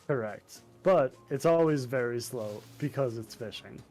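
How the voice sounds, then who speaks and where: A man's voice: medium pitch, unhurried, darkish tone, faint music behind. A man chatting on a gaming stream, explaining things and laughing often. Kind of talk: casual gaming stream chat.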